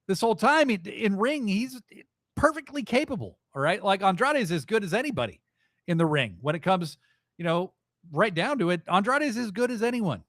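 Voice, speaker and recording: A man hosting a live wrestling podcast, recapping events in a rambling, excitable, profane way. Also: high voice, no room sound, clean studio sound. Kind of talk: casual live show recap.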